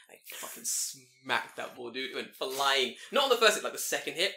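A man's voice: medium pitch, lively intonation, fast, bright, forceful tone. A man with an English accent, hosting a casual podcast chat, swearing and acting out quotes. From England. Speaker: podcast host.

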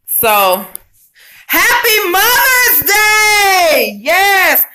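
Bright, slow-talking woman vlogger. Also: medium pitch. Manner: chatty, addresses viewers as y'all and honey; emotional and expressive, rambling with restarts. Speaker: weight-loss vlogger. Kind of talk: casual chat to camera.

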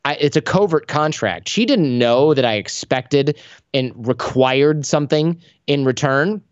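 A man being interviewed on a podcast, an animated storyteller who acts out the voices in his anecdotes. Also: fairly high pitch, a little slow, smooth, no echo, lo-fi sound. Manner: animated storyteller acting out dialogue. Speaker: podcast guest. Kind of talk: conversational interview.

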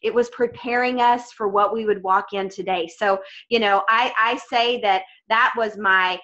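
A woman's voice: medium pitch, fairly even intonation, normal speed, sharp tone, lo-fi sound. A woman giving an encouraging motivational talk to a team on a video call, speaking with emphasis and addressing them as guys.

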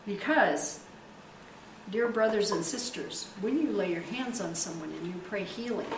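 Woman pastor, emphatic sermon and prayer, drawn-out stresses; roomy, distant recording with faint hiss. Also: medium pitch, animated. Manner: emphatic, stretches key words for effect. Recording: echoey room, distant mic, faint hiss.

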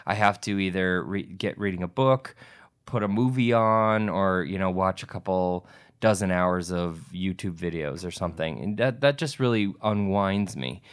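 A man's voice: deep voice, normal speed, smooth. A man co-hosting a podcast, talking casually and self-deprecatingly, often restarting his sentences. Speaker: podcast co-host. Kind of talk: casual conversation.

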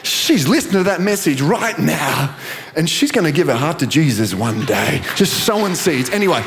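A male pastor preaching with a high voice that leaps and dips all through his lines, falling into a sing-song cadence. Each phrase hangs in the long reverb of a big church hall. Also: sing-song, normal speed, creaky, fairly bright tone, a faint crowd, a little hiss or hum. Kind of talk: sermon. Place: large church auditorium.

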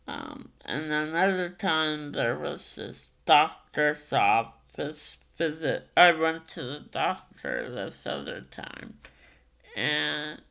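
A man's voice: a little high, gravelly, pushed and bright. A man vlogging casually, telling stories in a hesitant way with many ums and repeated phrases. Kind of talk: casual vlog storytelling.

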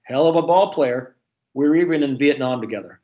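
A man's voice: medium pitch, brisk, warm tone, lo-fi sound, close to an everyday voice. A man voicing a blunt, coarse rural gas station attendant who is a war veteran.

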